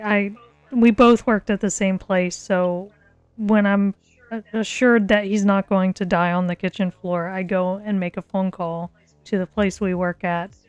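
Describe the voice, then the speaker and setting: A woman's voice: medium pitch, clean tone, dry recording. A young woman casually telling a story on a live stream, laughing often as she talks. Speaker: co-host of art and gaming stream.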